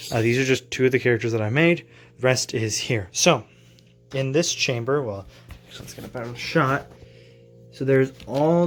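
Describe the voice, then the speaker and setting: A man of ordinary pitch talks casually as a tabletop game master in a home vlog. He rambles and thinks aloud, often correcting himself mid-sentence as he walks through his plans in his basement.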